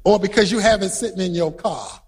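A man preaching a sermon who tells stories with energy, shouts his points and quizzes the congregation. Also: high voice, fairly quick, slight background noise. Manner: animated storytelling, shouting for emphasis, quizzing the congregation.

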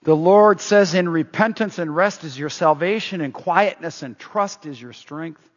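A man preaching a sermon in an energetic, emphatic way, moving between loud stresses and quiet asides. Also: a little high, unhurried. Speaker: pastor. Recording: dull, echoing hall sound.

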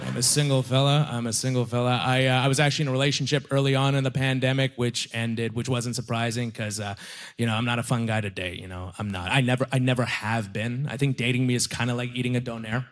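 A man's voice: mid-range voice, flat delivery, fast talker. A young man from Canada doing a stand-up comedy routine, self-deprecating and punchy, hammering his punchlines through repetition.

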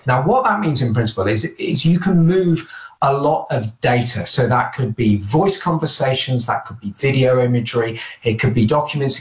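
A man's voice: mid-range voice, roomy sound. A male defence analyst explaining a technical system step by step in a methodical way. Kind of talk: explanatory interview.

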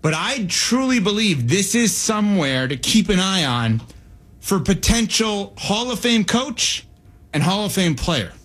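A male sports radio host talks fast and animated, slipping into quoted asides. He sounds out of breath. His voice sits high for a man and has a husky, breathy edge.

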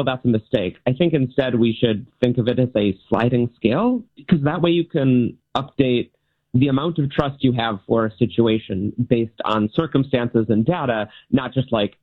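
A man guesting on a talk show as a magician, explaining things in a friendly way with light laughs. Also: medium pitch. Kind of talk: interview answers. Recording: tinny phone line.

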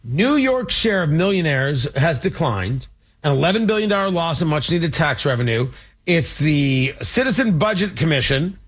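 A man's voice: fairly high pitch, sing-song, normal speed, a bit bright, husky. A man from Indiana hosting a talk radio show, giving sarcastic, digressive political commentary.

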